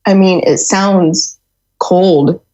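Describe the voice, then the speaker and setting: A woman hosting a podcast, talking casually and listening in a soft, supportive way. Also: lowish voice, drawn-out words. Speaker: podcast host. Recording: dull lo-fi sound.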